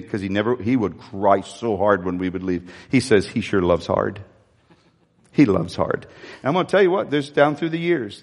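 A man's voice: on the high side, big-room sound. An older man preaching a sermon as pastor, emotional and confessional, often breaking off and restarting his sentences.

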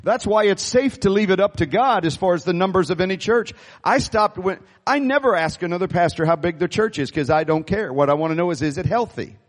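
A man preaching a sermon as pastor, animated and calling on the congregation to respond. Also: high-pitched, brisk, big-room sound. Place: church sanctuary.

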